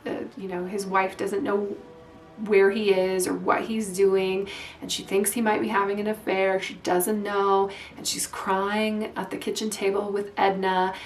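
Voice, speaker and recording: Woman tarot reader, rambling and halting, echoey room, set back from the mic. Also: mid-range voice, recorded from a distance, slight background noise. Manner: rambling, halting, lots of fillers. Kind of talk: spiritual tarot reading.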